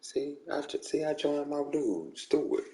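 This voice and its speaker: A man's voice: fairly high pitch, expressive, measured pace, gravelly, dark tone. A man chatting casually with friends during an online game league, slangy and repetitive. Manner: slangy, repeats "bro" and "come on".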